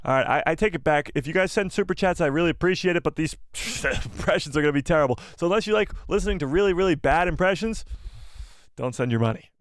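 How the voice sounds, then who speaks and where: A man hosting a casual live stream, animated and self-deprecating, who laughs often. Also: a little high, quick pace, no echo, clean studio sound. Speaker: livestream host.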